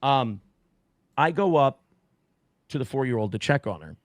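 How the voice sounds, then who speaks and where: A man, a guest on a talk stream, telling a story in a casual, profane, animated way and acting out the quotes. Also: medium pitch, normal speed, dry recording.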